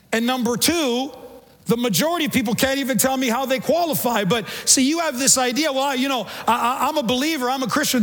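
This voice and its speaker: Man, pastor, sermon, very high voice, church reverb, animated, repeats himself. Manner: animated, repeats words, acts out quotes. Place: church sanctuary.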